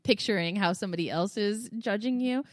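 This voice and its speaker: A woman with a mid-range voice talks a little fast on a dry recording. She's co-hosting a podcast, telling stories in casual chat, swearing freely and acting out what people said with animated energy.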